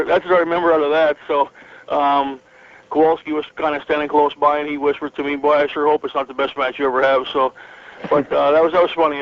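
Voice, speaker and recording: A middle-aged man from northern Michigan reminisces in a loose, rambling way, full of fillers and restarts. His pitch sits a little high but barely moves. The audio sounds muffled and lo-fi, like a phoned-in interview. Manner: rambling, many fillers and restarts, chuckles often. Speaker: interview guest, retired pro wrestler. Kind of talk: relaxed storytelling interview.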